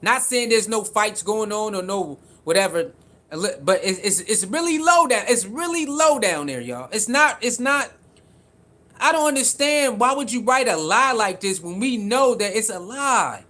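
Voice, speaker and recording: A man with a high-pitched voice and streams casual sports commentary. He is animated and repeats himself for emphasis, calling out viewers by name as he reads their comments. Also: unhurried. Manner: animated, repetitive, talks straight to viewers.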